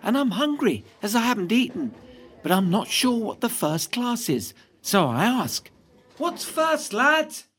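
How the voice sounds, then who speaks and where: A woman reading a first-person novel aloud in a lively, cheeky storytelling manner. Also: medium pitch, moderate pace, a little hiss or hum. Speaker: reader.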